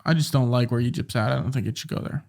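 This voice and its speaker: A man's voice: mid-range voice, very fast, gravelly, darkish tone. A young man co-hosting a casual podcast, riffing with joking comebacks. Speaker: podcast co-host. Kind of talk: casual chat.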